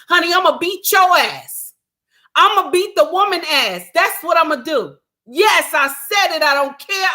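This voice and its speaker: A middle-aged woman, giving an impassioned commentary monologue, repeating her points and shouting for emphasis. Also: high-pitched, sing-song, measured pace. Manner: preachy, repeats lines for emphasis, shouts at times. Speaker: commentary vlogger.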